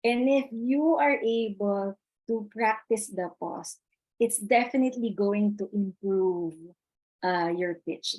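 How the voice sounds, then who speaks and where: A woman's voice: mid-range voice, darkish tone, poor audio. A woman giving a live webinar on presentation skills, chatty, reading the chat aloud and repeating her key points.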